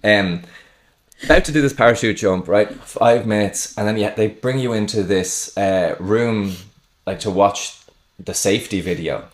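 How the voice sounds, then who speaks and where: A man's voice: lowish voice, a little slow, echoey room. A man hosting a casual podcast chat, telling a long story in a rambling way and laughing at his own jokes. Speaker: podcast host.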